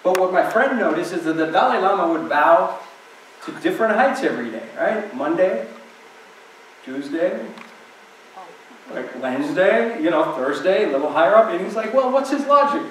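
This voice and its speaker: A man's voice: high-pitched, lively intonation, moderate pace, long pauses, a little hiss or hum. A man giving an inspirational talk to an audience, telling stories in a conversational way with many asides. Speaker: guest speaker. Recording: very echoey hall, distant mic.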